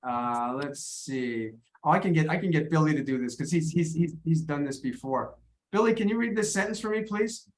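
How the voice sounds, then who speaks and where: A man's voice: fairly high pitch, moderate pace. Patient American man teaching online. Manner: patient, encouraging, repeats words as he thinks. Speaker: English teacher. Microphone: video call.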